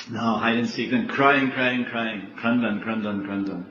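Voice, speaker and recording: An older man, a spiritual teacher, giving a devotional lecture slowly, repeating words and laughing often. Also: on the low side, fairly even intonation. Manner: slow, repetitive, laughing often. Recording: echoey, dull, faint background noise.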